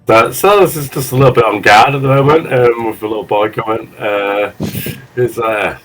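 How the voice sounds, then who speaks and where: A man's voice: mid-range voice, low-quality recording. A man playing a tabletop game over an online voice call, talking casually and hesitantly. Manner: slow, hesitant. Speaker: player. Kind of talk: casual chat.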